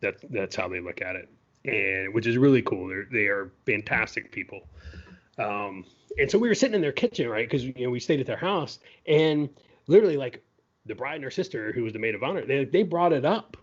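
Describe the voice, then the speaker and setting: On lo-fi audio, a male podcast co-host spins a casual tale, peppering it with "you know" and "right?" His medium-pitched voice is expressive and moves a little fast.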